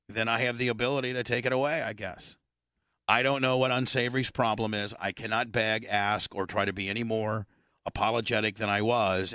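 A man's voice: fairly low pitch, a bit bright, dry recording, studio quality. A man hosting a casual podcast chat, talking bluntly with swearing and rambling restarts. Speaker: podcast host.

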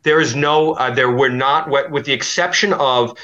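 Guest, man, bright pushy tone, rambling storyteller, dull lo-fi line. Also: mid-range voice, fairly even intonation, normal speed. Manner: rambling, with many fillers and restarts. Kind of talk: podcast interview.

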